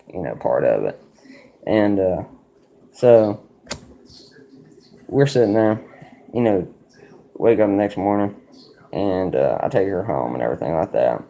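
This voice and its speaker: Gravelly deep-voiced man telling a rambling story. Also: dark tone. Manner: rambling, profane, full of likes and you-knows. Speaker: streamer. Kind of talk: casual storytelling while playing a card game.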